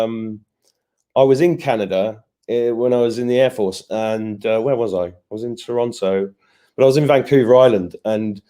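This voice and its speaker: A man's voice: medium pitch, warm tone. A man hosting a casual live stream, greeting viewers by name and joking as he rambles. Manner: chatty, joking asides, rambling restarts.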